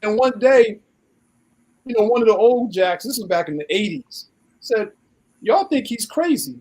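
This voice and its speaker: A man's voice: high voice, moderate pace, a little mellow, rough recording. A man co-hosting a live online talk show in casual chat, telling long stories and acting out what others said in a raised voice. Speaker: co-host.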